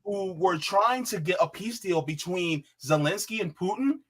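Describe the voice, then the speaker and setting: On a political panel, a man with a high-pitched voice speaks at a moderate pace. He's animated and heated, repeats himself, addresses people as "bruh," and mimics what others said in quotes.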